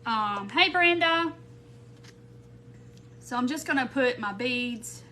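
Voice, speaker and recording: A woman's voice: a little high, expressive, takes it slowly, bright, forceful tone, a little hiss or hum. Chatty woman crafting live. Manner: rambling, thinking aloud, greets viewers by name. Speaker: craft live-stream host. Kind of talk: casual craft tutorial chat. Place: home craft room.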